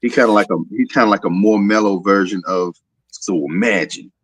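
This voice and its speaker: A man's voice: on the low side, fairly quick. A man co-hosting a casual podcast chat, easygoing and joking, sometimes mimicking others. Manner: easygoing, joking, slips into mock impressions. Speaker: podcast co-host.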